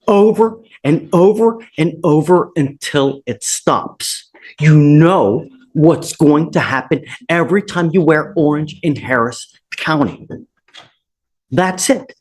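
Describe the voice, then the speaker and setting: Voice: medium pitch, lively intonation, slow pace, a little mellow, breathy edge. A judge speaking sternly from the bench in a courtroom, running through long lists of charges.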